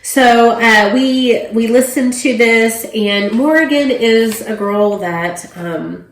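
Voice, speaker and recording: A woman's voice: on the high side, takes it slowly. A woman giving a casual book review, chatty and full of ums and you-knows. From Oklahoma, USA. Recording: roomy echo.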